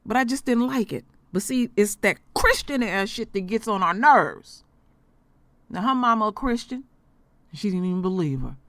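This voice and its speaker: Woman vlogger, emphatic and profane, lively pitch, dry. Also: moderate pace, no room sound. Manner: blunt, emphatic, swearing. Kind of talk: emotional commentary.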